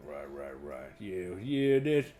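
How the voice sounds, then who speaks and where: A man's voice: low-pitched, very animated, slow pace, warm tone, faint music behind, heavily acted. A man voicing an arrogant, menacing male cat shopkeeper in a tabletop role-play, with a taunting, threatening manner. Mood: jovial.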